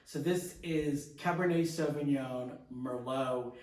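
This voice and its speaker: A man co-hosting a wine show, explaining each wine in detail with the odd filler pause. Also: mid-range voice, a little mellow, roomy sound, recorded from a distance. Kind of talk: casual wine tasting chat.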